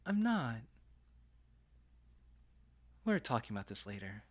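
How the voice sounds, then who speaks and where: A man reading the lines of a sharp-tongued teenage girl in a visual novel, with snappy, playful teasing. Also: mid-range voice, big pitch swings, slow.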